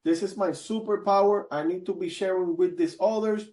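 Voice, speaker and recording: A man hosting a podcast, asking questions in a casual, affirming and slightly halting way. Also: high voice, steady tone, a little mellow. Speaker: podcast host. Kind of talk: interview questions.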